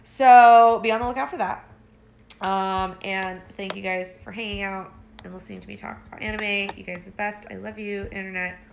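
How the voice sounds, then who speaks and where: Gravelly-voiced woman rambling late at night. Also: mid-range voice, fairly even intonation, normal speed, a little hiss or hum. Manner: rambling, profane, with many "like" fillers. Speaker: content creator. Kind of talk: late-night casual vlog chat.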